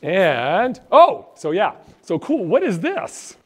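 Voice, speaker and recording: A man's voice: sits high, huge pitch swings, slow. Jokey man presenting a live workshop. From Phoenix, Arizona. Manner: jokey, rambling, chats with the audience. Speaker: college financial aid presenter. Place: event room with a live audience. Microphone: handheld or stand mic.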